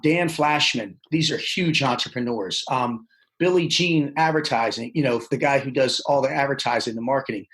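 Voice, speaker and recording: A man telling his life story as a podcast guest, animated, acting out the people he quotes. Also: mid-range voice, rough recording. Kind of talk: casual storytelling interview.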